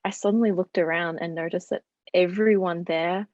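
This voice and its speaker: A woman's voice: fairly low pitch, fairly even intonation, normal speed, a little mellow, no room sound, muffled recording. A young Australian woman, a student on a panel, talking in a chatty, hesitant way with many fillers. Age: young adult. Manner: chatty, hesitant, lots of ums. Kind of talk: panel discussion.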